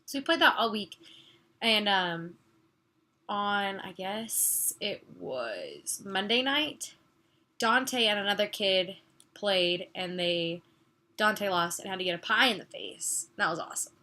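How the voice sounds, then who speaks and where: Young woman, bubbly vlogger, bright tone, giggles, whispered asides. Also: medium pitch, animated, takes it slowly. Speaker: summer youth missionary. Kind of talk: casual chat.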